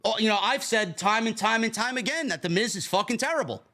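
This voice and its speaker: A man's voice: high-pitched, lively intonation, fast talker, sharp tone. A man co-hosting a wrestling podcast, indignantly ranting with profane rhetorical questions. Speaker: podcast co-host. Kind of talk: heated podcast rant.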